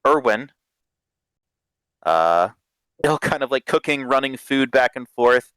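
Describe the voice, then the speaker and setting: A man narrating a tabletop game as game master in a casual, halting way full of fillers. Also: medium pitch, expressive, fairly bright tone, smooth, dry recording.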